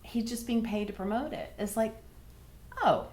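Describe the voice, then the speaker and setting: A woman in her thirties, earnest and halting, telling her own story as a former patient in an interview. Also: medium pitch. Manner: earnest, halting, many restarts. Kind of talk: emotional personal account.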